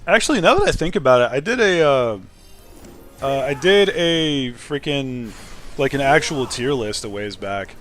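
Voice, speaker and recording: A man streaming a video game, chatting casually and swinging between loud outbursts and quiet muttering. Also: medium pitch, measured pace, faint music behind. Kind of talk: casual gaming stream chat.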